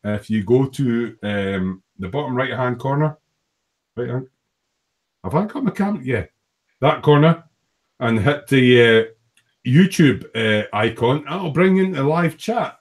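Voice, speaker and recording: Male host, chatty and rambling, laptop-mic live stream from his workbench, mid-pitched. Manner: rambling, friendly, many fillers. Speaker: livestream host, hobby model maker. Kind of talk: casual live-stream chat. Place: home workshop at his bench. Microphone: laptop built-in mic.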